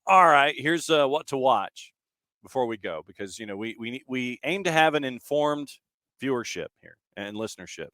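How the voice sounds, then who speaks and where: A man's voice: mid-range voice, animated, a bit bright, no echo. Man rattling off a TV schedule. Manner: brisk rundown, dry asides. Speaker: sports radio host. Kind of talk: listing broadcast schedule.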